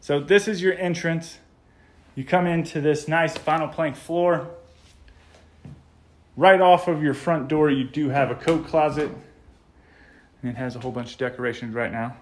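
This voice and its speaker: An American man with a slightly higher voice than most, gushing about each room as he walks through a model home. His delivery is casual and upbeat, like a friendly vlogger filming as he goes. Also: steady tone, normal speed, long pauses. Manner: enthusiastic, gushing. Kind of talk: casual walkthrough narration.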